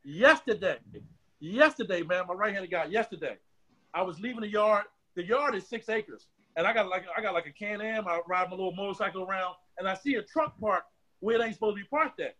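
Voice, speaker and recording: A man telling stories as a podcast guest, animated and repetitive, with street slang and swearing. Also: high voice, a little fast. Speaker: guest, trucking business owner. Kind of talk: casual storytelling.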